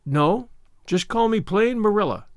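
A man's voice: high voice, expressive, no echo, clean studio sound, pitched above the performer's own voice. A man voicing a strict middle-aged spinster in an audiobook, curt and disapproving. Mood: stern. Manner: curt, disapproving, slow and firm. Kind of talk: audiobook character voice.

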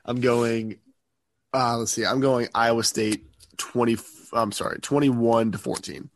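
A man's voice: medium pitch, steady tone, measured pace, no room sound. Sniffly man rambling about football. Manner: rambling, self-correcting, joking. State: sick with a cold, sniffly. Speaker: podcast co-host. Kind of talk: casual sports chat.

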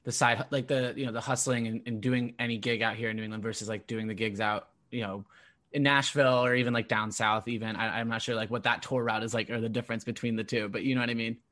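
Relaxed male interviewer. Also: mid-range voice, fast. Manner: relaxed, rambling questions with fillers. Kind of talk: casual interview.

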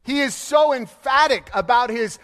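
Male pastor, high voice, animated sermon storyteller, long hall reverb. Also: moderate pace. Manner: lively, laughing storyteller acting out quotes.

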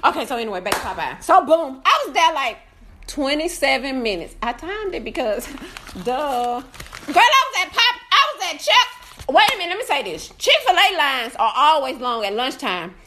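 Woman, live food-review rant; loud, profane, swooping and animated delivery, bright edge. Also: high-pitched, moderate pace, a little hiss or hum. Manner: laughs through her complaints. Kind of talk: casual ranting review.

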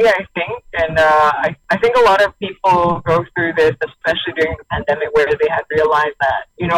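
A woman's voice: deep voice, fairly bright tone, a little hiss or hum, rough recording. A young woman telling her personal story as a radio interview guest, thoughtful and hesitant, with many fillers and light laughs. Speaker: interview guest, single mother.

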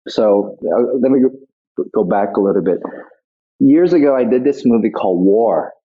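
A man's voice: on the low side, expressive, normal speed, husky. A middle-aged man, a guest actor, reminiscing in a casual interview, rambling and reflective with many restarts. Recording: tinny phone-like line.

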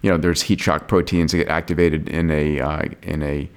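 Deep-voiced enthusiastic podcast host. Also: male voice, flat delivery, normal speed, clear, resonant tone. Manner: enthusiastic, interjects and laughs. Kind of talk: casual chat.

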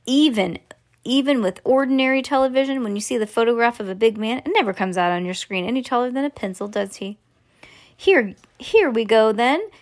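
Woman doing a male chocolate maker, eccentric, excitable, eager explainer, fairly high voice, storybook reading. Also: brisk, natural voice.

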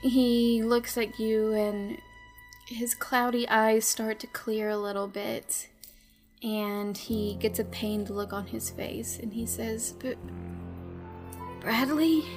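A woman narrating a tabletop game as game master, in unhurried, descriptive narration. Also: on the high side, level tone, darkish tone, soft background music.

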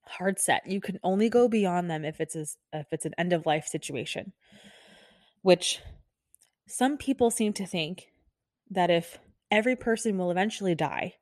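A woman's voice: on the low side, normal speed, darkish tone, no echo, clean studio sound. A woman who works as a nurse, venting in an exasperated, frazzled, emphatic monologue.

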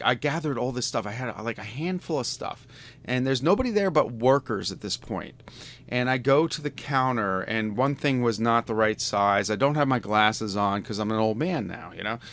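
A man's voice: mid-range voice, expressive, normal speed, a bit bright. A man in his fifties telling a story in casual chat, exasperated and profane, with frequent stammering restarts. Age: 50s.

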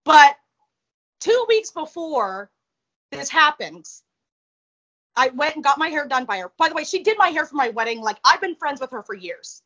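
Woman guest, high voice, blunt and sweary, animated storytelling, kinda muffled audio. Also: moderate pace, pauses often. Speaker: interview guest. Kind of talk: casual storytelling interview.

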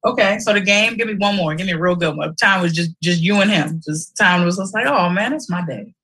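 A woman hosting a casual livestream chat, animated and emotional, breaking into loud shouts. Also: on the low side, brisk, slightly rough, poor audio. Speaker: livestream host and aunt.

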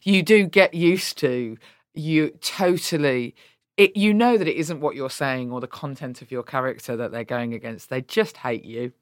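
A woman's voice: rumbling low, normal speed, no room sound, studio quality. A woman politician with a Birmingham English accent, talking candidly and bluntly in an interview, swearing freely. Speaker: politician guest.

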